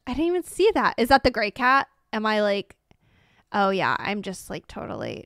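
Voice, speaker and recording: A woman's voice: on the high side, very animated, normal speed, a bit bright, no room sound, studio quality. Bubbly American woman streaming live. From United States. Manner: bubbly, chatty, exclamatory. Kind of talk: live game commentary.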